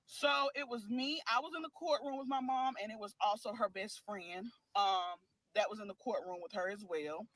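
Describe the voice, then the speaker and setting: A woman's voice: mid-range voice, moderate pace, few pauses, a bit bright, no room sound, low-quality recording. A young woman, telling her own story to viewers and often calling them "y'all". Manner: keeps addressing listeners as "y'all". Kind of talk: emotional storytime.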